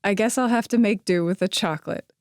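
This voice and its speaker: A woman reading the part of a curious young woman who asks lively questions and is a little wary. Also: mid-range voice, fairly quick, smooth, no room sound, clean studio sound, natural voice.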